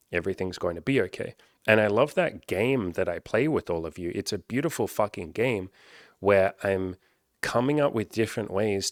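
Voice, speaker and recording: A man's voice: lowish voice, no room sound, studio quality. A man, a self-help coach talking to his audience in a rambling, earnest monologue that is peppered with casual swearing.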